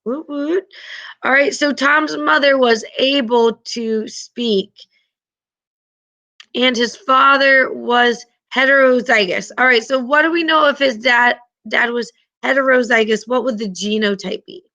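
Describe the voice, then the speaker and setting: A woman's voice: on the high side, measured pace, bright, forceful tone, highs cut off. A woman teaching a class, patiently explaining and often checking in with her students.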